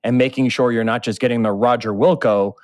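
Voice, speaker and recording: A man's voice: mid-range voice, steady tone, fairly quick, no echo. A man hosting a podcast interview, speaking with enthusiasm and turning to address the listeners directly. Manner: enthusiastic, talks straight to listeners. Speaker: podcast host. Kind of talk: conversational interview.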